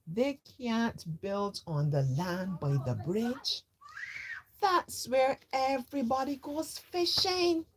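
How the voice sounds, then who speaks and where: A woman's voice: a little high, expressive, slow, slight background noise, pitched above the performer's own voice. A woman voicing a clumsy young boy who complains and protests. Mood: complaining.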